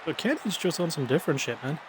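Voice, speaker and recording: A man's voice: on the high side, animated, quick pace. A sleepy man giving laid-back, swearing play-by-play commentary of a wrestling video game. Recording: crowd noise and game sounds behind.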